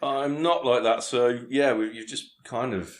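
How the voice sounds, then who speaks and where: A man's voice: mid-range voice, fairly even intonation, measured pace. A man, co-hosting a comedy podcast, delivering facts in a dry, matter-of-fact way. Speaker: co-host.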